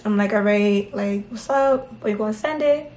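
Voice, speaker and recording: Animated woman telling a story, echoey room. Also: mid-range voice, normal speed. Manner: animated, laughing, mimics others' replies. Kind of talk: casual storytime chat.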